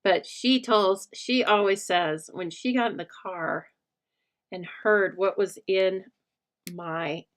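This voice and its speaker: A woman's voice: mid-range voice, takes it slowly. A middle-aged woman hosting a casual craft livestream, chatting with viewers in a rambling way and laughing often. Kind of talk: casual craft demo chat with live viewers.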